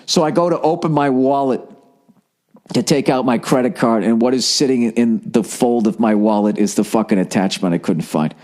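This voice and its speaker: A man's voice: mid-range voice, normal speed, a little mellow. A man telling a story in a casual podcast monologue, profane, rambling and self-mocking. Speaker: comedian and podcast host.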